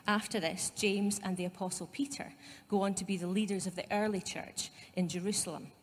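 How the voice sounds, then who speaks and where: A woman's voice: mid-range voice, fairly even intonation, brisk, in a large hall, a little hiss or hum. A woman pastor with a Scottish accent giving a conversational sermon, with asides to her congregation. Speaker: site pastor. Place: church.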